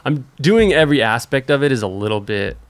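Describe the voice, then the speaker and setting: A man who is a guest on a podcast, talking casually in a relaxed, rambling way with lots of filler words. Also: medium pitch, brisk, a crowd in the background. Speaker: guest, author and skateboarder. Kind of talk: casual interview chat.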